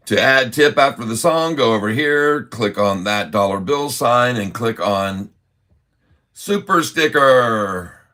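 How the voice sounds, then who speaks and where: A man hosting a live trading stream, rambling excitedly and laughing often. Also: medium pitch, slow pace, long pauses. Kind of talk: live stream chart commentary.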